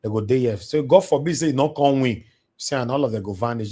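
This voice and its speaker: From home, a fast-talking man with a warm, mid-range voice and a Nigerian Pidgin English accent preaches passionately in a livestream monologue. He slips into Pidgin as he exhorts his audience, heard through a home livestream mic.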